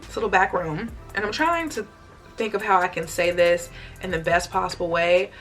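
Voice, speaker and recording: Chatty young woman telling a storytime. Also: mid-range voice. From United States. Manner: chatty, expressive retelling with acted-out quotes. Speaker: vlogger. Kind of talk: storytime vlog.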